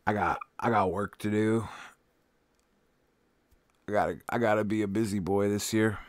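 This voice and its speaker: A man with a lowish voice and fairly even intonation chats at normal speed on a casual livestream, captured in a dry, clean studio recording. Tired and grumpy, he rambles, swears and makes fun of himself with his viewers.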